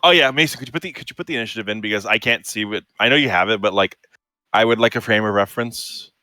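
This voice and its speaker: A man's voice: lowish voice, fast talker, pushed and bright, dry recording. A young man playing a tabletop game, casual and helpful, with frequent swearing. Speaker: player.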